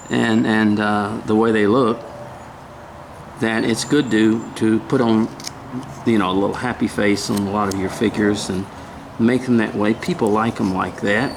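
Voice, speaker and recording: This man's voice sits on the low side and sounds creaky, with a little hiss or hum in the recording. He's a woodcarving instructor walking through a lesson one step at a time, folksy and talkative, humming and muttering while he works.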